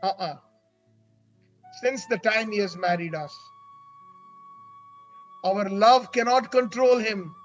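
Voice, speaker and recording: Man doing grieving queens, soft choked voice, high pitch, slow, faint music behind. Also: dull audio. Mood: lamenting. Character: lamenting royal queens, women, heartbroken.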